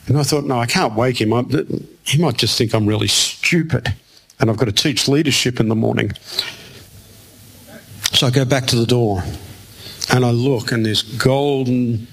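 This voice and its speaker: This man's voice sits at medium pitch with a breathy edge; he talks at a normal speed but pauses often. He's preaching to an audience in a church hall, recounting a personal story and voicing the other people's lines himself.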